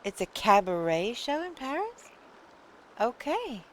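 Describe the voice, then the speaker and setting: Woman streamer rambling slow n chatty, kinda low voice, faint hum behind. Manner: chatty, reads chat aloud, thinks out loud. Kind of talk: casual live-stream chat.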